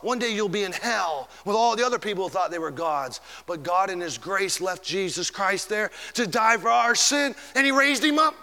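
A male pastor preaching a dramatic sermon, swinging from shouts down to hushed whispers. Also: high voice, lively intonation, fairly quick, few pauses, long reverb tail.

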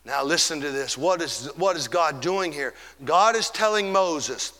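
A man preaching a fervent sermon, stretching key words and swinging between loud and soft. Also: on the high side, animated, measured pace, in a large hall.

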